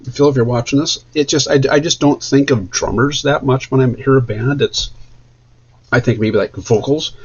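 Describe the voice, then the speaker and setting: Over a muffled recording, a man with a medium-pitched, slightly rough voice streams casually while drawing. He chats enthusiastically and rambles as he works.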